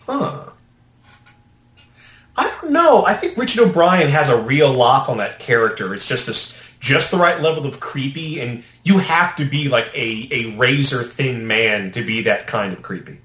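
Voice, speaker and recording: A man in casual conversation about films, talking in an expressive way. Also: mid-range voice, normal speed. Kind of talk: casual film discussion. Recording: echoey room.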